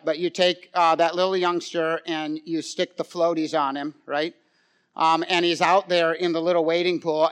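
A middle-aged man delivers a sermon in a high, light voice. He talks loosely, with plenty of fillers and questions thrown to the congregation. He rises to loud, lively stretches and drops to near-hushed emphasis. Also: clear, resonant tone. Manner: conversational, with frequent fillers and audience questions. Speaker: pastor.

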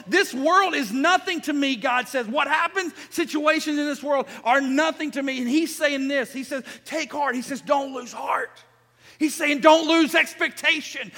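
A man pastor preaching an emphatic sermon, repeating phrases and rising to shouts, in a church sanctuary. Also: very high voice, gravelly. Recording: long church reverb.

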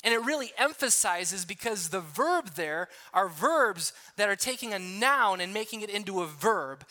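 Bright-voiced preacher teaching a passage. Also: male voice, high-pitched, lively intonation, normal speed. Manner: explanatory, word-by-word teaching with frequent restarts and "right?". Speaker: pastor. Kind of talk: sermon.

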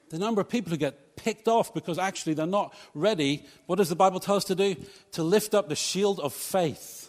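A man's voice: a little high, big-room sound. A male pastor preaching a sermon in a church, talking conversationally and joking with the congregation. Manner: conversational, humorous asides to congregation. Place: church hall.

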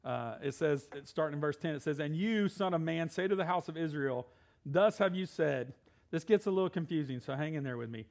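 A man's voice: fairly high pitch, fairly quick, creaky, darkish tone. A middle-aged male pastor giving a casual, conversational sermon with asides and Bible readings.

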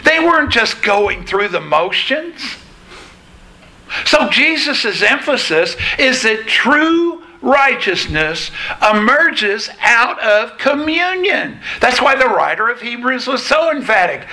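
A man preaching a sermon to a congregation in a church, emphatic and deliberate, with a sarcastic edge at times. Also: very high voice, big pitch swings, pushed and bright, poor audio. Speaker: pastor. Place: church sanctuary.

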